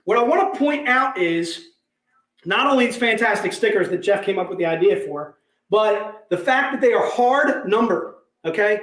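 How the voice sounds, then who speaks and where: Excitable hype man in an echoey room. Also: sits high, normal speed. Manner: excitable, hyped, joking. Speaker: host selling collectibles. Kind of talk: livestream sales pitch.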